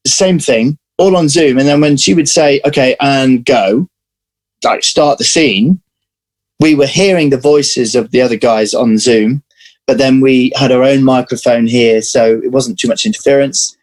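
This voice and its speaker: Man, actor guest, anecdotal, lively storyteller, casual video call chat, middle pitch. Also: poor audio.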